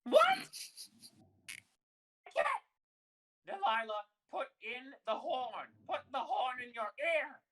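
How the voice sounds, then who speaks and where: A man's voice: big pitch swings, slow pace, long pauses, distant mic, full character voice. A man voicing a tiny, deaf old halfling woman who screeches and mishears everything. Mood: screeching. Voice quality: screeching, squeaky. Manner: yells and mishears.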